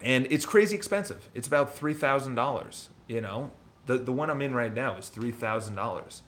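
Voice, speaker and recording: A real estate broker and business owner telling his story in casual, rambling talk, blunt and quick to swear. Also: medium pitch, lively intonation, fairly bright tone, a little hiss or hum.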